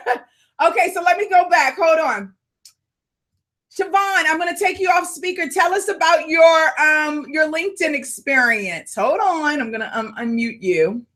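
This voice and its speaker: A woman coaching and hosting a live call, excitable and quick to shout greetings. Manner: high-spirited.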